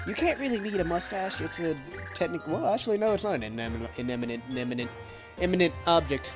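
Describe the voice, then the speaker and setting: A man's voice: mid-range voice, lively intonation, fast talker. A young man hosting a let's play, rambling and self-deprecating in casual gameplay commentary, often stumbling over words. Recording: game music behind.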